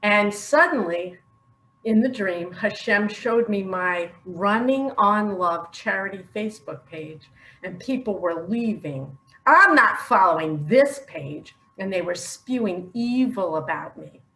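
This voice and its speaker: A woman's voice: mid-range voice, expressive, a little slow, fairly bright tone. An older woman speaking earnestly and emotionally in a personal video monologue, laughing often. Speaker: online religious speaker. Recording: echoey room.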